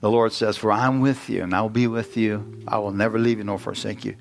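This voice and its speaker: A man's voice: lowish voice, fairly even intonation, a little fast, vocal fry, slight background noise. A man preaching a sermon, emphatic and questioning his congregation, rising into exclamations. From United States.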